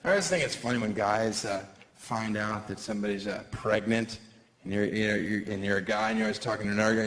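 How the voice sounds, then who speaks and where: A man doing a stand-up comedy set on a club stage, talking animatedly and jumping into shrill put-on voices for his bits. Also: brisk, a bit bright. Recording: roomy live club sound with crowd noise.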